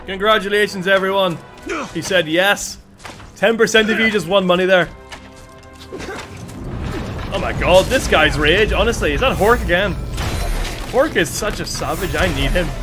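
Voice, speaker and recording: A young man streaming a video game, chatting casually and excitedly with his viewers. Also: high voice, normal speed, long pauses. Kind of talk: casual live-stream commentary. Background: game music and sounds.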